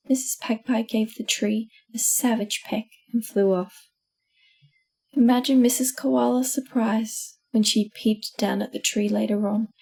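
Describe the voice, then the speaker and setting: A woman with an Australian accent reading a children's storybook aloud, slow and gentle. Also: medium pitch, gravelly, breathy edge. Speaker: audiobook reader. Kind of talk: storybook narration.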